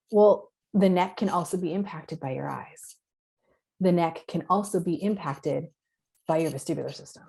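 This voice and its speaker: A woman clinician explaining her approach in a podcast interview, earnest and direct, her voice going hoarse as she talks. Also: on the low side, moderate pace, dark tone. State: losing her voice. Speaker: concussion clinician guest.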